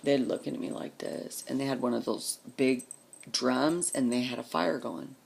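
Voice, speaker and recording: A woman's voice: very deep voice, normal speed, creaky, a little mellow, breathy edge. A woman vlogger telling a personal story in a blunt, profane, vivid way.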